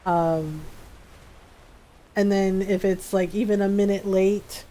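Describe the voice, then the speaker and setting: A woman's voice: medium pitch, slow. Chatty, laughing woman streamer. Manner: chatty, laughing, animated storytelling. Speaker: gaming streamer. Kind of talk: casual chat while live-streaming a game.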